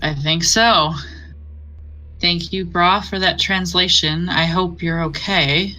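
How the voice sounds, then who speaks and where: A woman's voice: lowish voice, steady tone, slow, sharp tone, poor audio. A woman playing a tabletop game, thinking aloud and planning the next move. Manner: thoughtful, planning aloud, laughs often. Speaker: player. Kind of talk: casual tabletop play.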